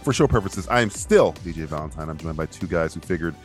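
A man's voice: very deep voice, expressive, faint music behind. A man hosting a comedy podcast, bantering in a playful, joking way. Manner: playful, joking, quick to laugh. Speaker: podcast host.

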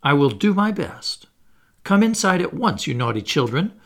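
A man's voice: a little high, sing-song, moderate pace, fairly bright tone, pitched above the performer's own voice. A man reading aloud voices Wendy, a prim, earnest little girl who takes on a motherly role, in a storybook reading.

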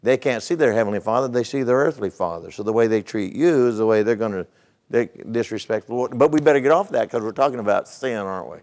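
A man preaching from the pulpit at a middle pitch, spinning out a story in an easygoing, folksy manner. He checks in with his listeners through rhetorical questions as he leads into his teaching. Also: fast talker, a little mellow. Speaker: pastor. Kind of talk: sermon.

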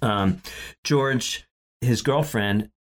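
A man's voice: medium pitch, drawn-out words. A man co-hosting a casual chat, recapping a sitcom episode with many fillers, restarts and laughs. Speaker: podcast co-host.

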